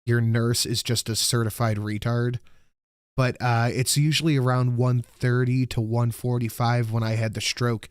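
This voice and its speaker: Middle-aged male host, mid pitch, dry close sound. He swears and sounds exasperated while acting out the back-and-forth. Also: level tone, moderate pace, smooth, no echo. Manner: profane, exasperated, acts out both sides of a dialogue. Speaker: show host. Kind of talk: casual storytelling monologue.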